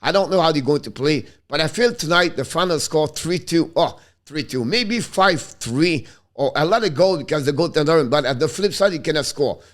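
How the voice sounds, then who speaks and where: A man hosting a hockey pre-game preview, passionate and quick to get worked up, speaking English with phrasing. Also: a little high, lively intonation. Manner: passionate, gets worked up and frustrated, non-native English phrasing. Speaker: hockey show host.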